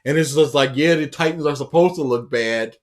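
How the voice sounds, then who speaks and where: Man, slightly high voice, casual podcast chat, rambling, restarts, gets animated. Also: brisk. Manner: rambling, gets loud and laughs when retelling scenes. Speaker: podcast co-host.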